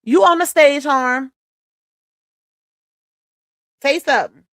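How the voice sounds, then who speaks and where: A woman's voice: high-pitched, normal speed, dry recording, clean studio sound. A woman from Louisiana hosting a casual livestream, talking bluntly and emphatically straight to her viewers. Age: adult mother. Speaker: livestream host.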